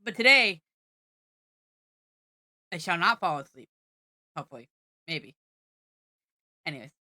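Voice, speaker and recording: A woman's voice: fairly low pitch, animated, measured pace, bright, forceful tone, a little hiss or hum. A young woman streaming live, chatting playfully and goofily to her viewers with sing-song repetition. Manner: chats directly to viewers in chat. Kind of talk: casual live-stream chat. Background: faint background music.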